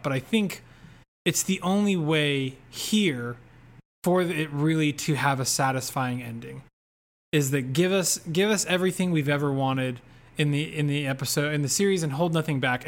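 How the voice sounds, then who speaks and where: Young male co-host, a touch high-pitched, reflective and filler-heavy. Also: normal speed. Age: young adult. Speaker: podcast co-host. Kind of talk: casual podcast chat.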